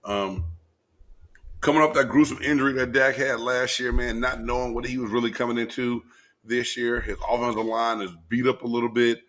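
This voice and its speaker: A man co-hosting a casual sports talk show, excitable and prone to shouting when worked up. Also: medium pitch, a little fast. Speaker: co-host.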